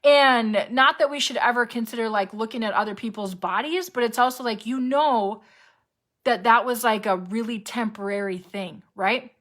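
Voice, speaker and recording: Woman, health coach, casual motivational talk, fairly high voice, chatty, lots of "right?". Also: moderate pace. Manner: acts out panicky inner voices with sharp jumps in pitch.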